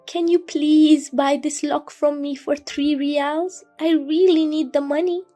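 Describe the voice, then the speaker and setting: A woman's voice: high-pitched, steady tone, unhurried, mellow, soft background music, pitched above the performer's own voice. A woman voicing a frail, poor old woman with a thin, weak voice, pleading nervously.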